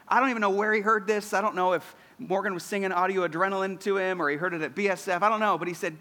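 A man in his thirties delivering an earnest sermon, his voice pitched high for a man. He builds steadily toward emphatic, declarative lines. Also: fairly even intonation, quick pace, pushed and bright, big-room sound. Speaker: pastor.

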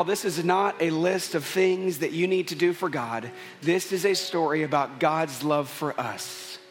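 A man's voice: sits high, a bit bright. A man preaching a sermon at a church service, earnest and building to emphatic peaks. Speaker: pastor.

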